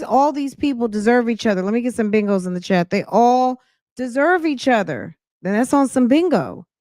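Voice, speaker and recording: A woman's voice: mid-range voice, darkish tone, dry recording, studio quality. A woman hosting a podcast, reacting to jail-call recordings in a blunt, mocking casual way. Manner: blunt, mocking, talks back at the clip.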